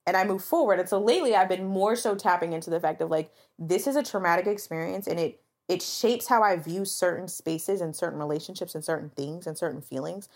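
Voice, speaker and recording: A woman's voice: on the low side, brisk, hardly any pauses. A woman co-hosting a podcast in casual chat, talking openly and animatedly about her feelings, filling her speech with "like" and acting out what people said. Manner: chatty, animated, confessional, leans on "like" and acts out quoted voices. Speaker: podcast co-host.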